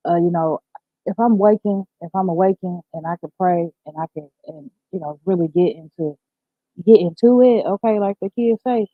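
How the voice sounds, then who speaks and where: Here the same upbeat livestream host, a woman in her thirties, chats through a casual morning stream, reading out comments and addressing viewers directly. She speaks on the lower side at a moderate pace. The recording is dry but tinny, like a phone.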